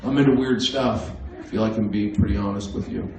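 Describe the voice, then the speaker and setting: A man doing a stand-up comedy set in a comedy club, with a manic, erratic delivery that breaks into sudden loud outbursts. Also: lowish voice, fairly even intonation, brisk, background noise. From American Southwest. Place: comedy club main room. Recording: roomy, distant livestream audio with crowd laughter.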